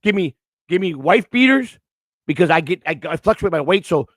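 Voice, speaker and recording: A man's voice: high voice, expressive, moderate pace, no room sound, rough recording. A middle-aged man hosting, telling rambling stories in a casual, outspoken way with many restarts. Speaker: host. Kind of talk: casual storytelling on camera.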